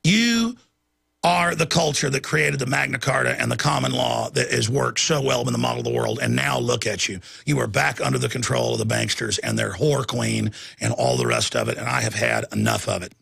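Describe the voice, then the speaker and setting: Male news host with a very gravelly, husky voice, ranting and indignant. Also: medium pitch, fairly bright tone, no room sound. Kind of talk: opinionated news commentary.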